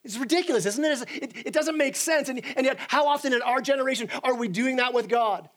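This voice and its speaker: High-voiced, animated man preaching. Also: quick pace. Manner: animated, repeats words when starting sentences, acts out voices. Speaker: pastor. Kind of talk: sermon. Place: church sanctuary.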